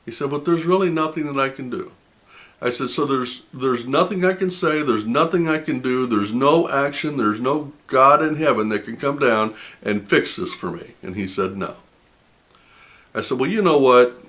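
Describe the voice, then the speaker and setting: A man's voice: mid-range voice, moderate pace, fairly bright tone. A man in the middle of his voice range tells a story straight to camera, full of indignation. He pushes hard on key words as he retells a customer-service call, and he breaks into disbelieving laughs. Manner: indignant, retelling a phone argument with heavy emphasis. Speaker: personal finance channel host.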